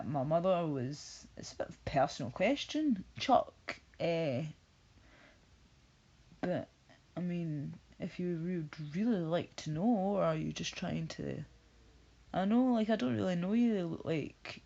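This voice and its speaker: A woman with a lowish voice rambles through a relaxed livestream, answering chat messages and breaking into frequent laughter. The sound is dull and lo-fi, like a home webcam mic. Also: measured pace, creaky. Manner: rambling, chatty, laughs often. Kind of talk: casual chat, reading chat messages aloud. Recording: dull lo-fi stream audio.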